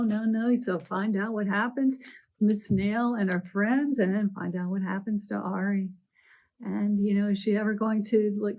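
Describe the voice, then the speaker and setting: A woman librarian doing a storytime read-aloud for children, animated with gasps and playful asides. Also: medium pitch.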